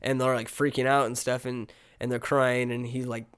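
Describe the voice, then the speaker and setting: A man co-hosting a casual movie review podcast, retelling scenes in an animated way and filling his talk with "like.". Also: medium pitch, normal speed, clear, resonant tone. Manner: animated retelling, heavy use of "like". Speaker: podcast co-host.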